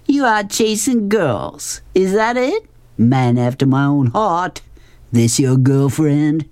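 Man voicing a bossy bully, high-pitched and hollering, slow drawl. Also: big pitch swings, a little mellow, clean tone, dry recording. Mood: swaggering. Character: loud swaggering bossy grown man.

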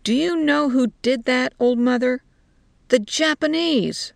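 A woman reading a story voicing rough, shouting male soldiers. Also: high-pitched, a little slow, dry recording, pitched above the performer's own voice. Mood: mocking. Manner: shouting, jeering.

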